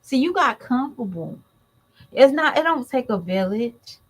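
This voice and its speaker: A woman's voice: high-pitched, sing-song, moderate pace, breathy edge, poor audio. A woman and mother giving blunt, emphatic commentary in a vlog, talking straight to her viewers.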